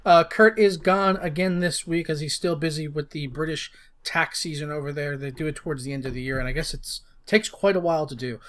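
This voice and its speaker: American male podcast host, casual, jokey, voice on the higher side. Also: brisk, hardly any pauses, a bit bright. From United States. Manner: joking, laid-back banter.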